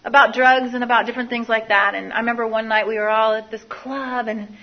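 A woman shares her recovery story with an audience, speaking candidly and confessionally and often repeating phrases. Her voice is on the high side with fairly even intonation, she talks fast, and the recording sounds muffled.

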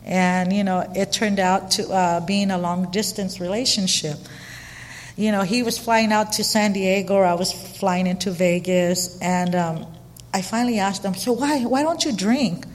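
A woman's voice: mid-range voice, moderate pace. Chatty woman in a reverberant hall. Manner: chatty and animated, frequent fillers and quoted dialogue. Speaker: storyteller sharing her recovery story. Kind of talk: candid personal storytelling.

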